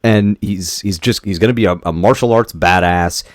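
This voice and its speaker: A man's voice: low-pitched, normal speed, no echo, clean studio sound. A man co-hosting a movie podcast, chatting casually in a rambling, profane way with many restarts. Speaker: podcast co-host. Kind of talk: casual chat.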